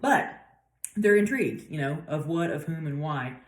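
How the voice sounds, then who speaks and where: A woman professor giving a casual literature lecture, paraphrasing the text in lively slang. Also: sits low, moderate pace, echoey room. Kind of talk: lecture with dramatic readings.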